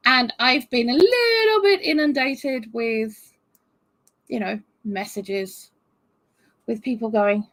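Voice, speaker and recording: A woman's voice: a little high, big pitch swings, a little slow, low-quality recording. A woman hosting a live stream about self-reliance, chatting casually with her viewers and warning that her speech may stutter today. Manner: chatty, greets viewers warmly by name. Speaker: host of a self-reliance channel.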